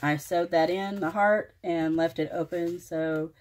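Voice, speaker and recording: A woman hosting her own craft channel, showing a finished project page by page in plain, unhurried commentary made of short phrases. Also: lowish voice, steady tone, a little mellow. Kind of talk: casual show-and-tell walkthrough.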